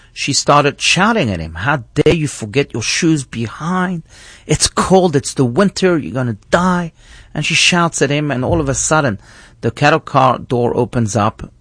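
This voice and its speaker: A rabbi talks in an earnest, reflective way, often restarting his phrases. His voice sits at a middle pitch, and the recording is dry and close. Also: fairly bright tone, dry recording. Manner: thoughtful, earnest, with frequent restarts. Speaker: rabbi, guest. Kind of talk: reflective teaching in conversation.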